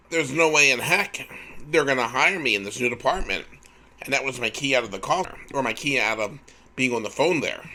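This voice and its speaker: A man hosting a podcast, telling a personal work story and acting out the quoted lines. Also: mid-range voice. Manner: animated storyteller, acts out quoted voices. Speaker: podcast host. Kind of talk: storytelling anecdote.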